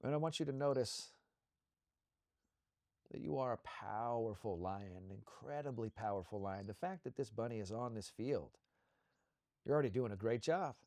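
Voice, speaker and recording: A man co-hosting a show, leading a slow guided visualization with soothing, repetitive coaching cues. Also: mid-range voice, lively intonation, mellow, no room sound, clean studio sound.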